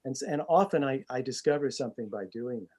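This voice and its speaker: A stage actor in a relaxed interview, speaking over a video call in a mid-range male voice. He talks casually and pokes fun at himself, often restarting his sentences. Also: mid-range voice, fast, breathy edge. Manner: chatty and self-deprecating, with many restarts.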